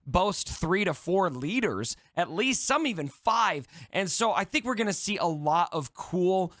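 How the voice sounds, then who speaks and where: A man appearing as a guest, talking enthusiastically and excitedly about game strategy. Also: high voice, unhurried, no echo, studio quality. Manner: excited, animated, hyped. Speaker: guest content creator. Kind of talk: enthusiastic gaming discussion.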